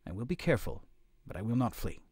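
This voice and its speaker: A man voicing a proud, blunt young male creature lord who speaks flatly. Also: mid-range voice, fast, slightly rough, no echo. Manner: flat, blunt.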